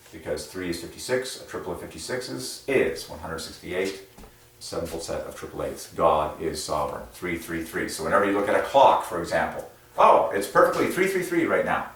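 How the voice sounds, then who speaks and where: A man rambling through a casual monologue as a religious numerology video host, excitable, with many fillers and sudden jumps in pitch. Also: a little hiss or hum. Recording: very echoey room, far from mic.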